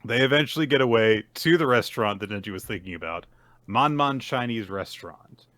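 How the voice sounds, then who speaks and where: A man's voice: medium pitch, a little fast, no room sound. A man co-hosting a casual podcast, recapping manga chapters and acting out quotes. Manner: animated, acts out character quotes. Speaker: podcast co-host.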